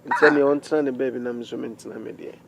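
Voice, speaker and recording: A man's voice: mid-range voice, steady tone, quick pace, creaky, noisy background, lightly acted. An actor in his thirties with a Ghanaian accent playing a grown son reluctant to marry, hesitant and giving short replies. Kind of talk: film drama acting.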